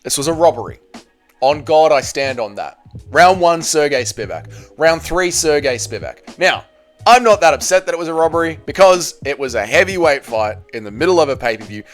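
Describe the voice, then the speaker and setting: Animated, blunt man ranting. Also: a little high, normal speed, soft background music. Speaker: MMA commentary channel host. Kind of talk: casual opinionated fight recap.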